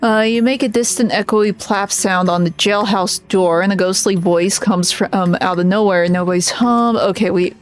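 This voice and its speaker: A woman's voice: medium pitch, fairly even intonation, normal speed, hardly any pauses. A woman streamer giving chatty, giggly commentary while she plays a game. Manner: chatty, giggly, thinking aloud. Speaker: VTuber streamer. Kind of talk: casual gameplay commentary.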